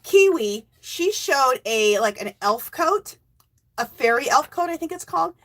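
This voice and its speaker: A woman's voice: sits high, big pitch swings, a little slow. Gushing, teary woman livestream host. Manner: thanks donors warmly by name; cheers loudly with whoops. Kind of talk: casual livestream chat.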